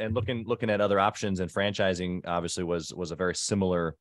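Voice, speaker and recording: A man with a very low voice hosts a casual podcast interview, recorded close and dry. he reflects the guest's points back with eager enthusiasm. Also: level tone, fast talker, few pauses, dry recording. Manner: enthusiastic, sums up and affirms the guest. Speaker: podcast host.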